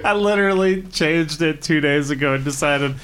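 A man's voice: fairly high pitch, normal speed, background noise. Easygoing man laughing along on a podcast. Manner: relaxed, laughs easily. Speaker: podcast co-host. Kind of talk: casual movie podcast chat.

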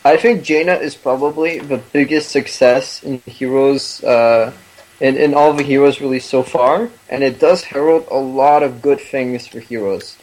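A man's voice: mid-range voice, steady tone, a little slow, a little mellow, low-quality recording. Laid-back man chatting about games. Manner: laid-back, many fillers and restarts. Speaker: podcast panelist. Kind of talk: casual gaming chat.

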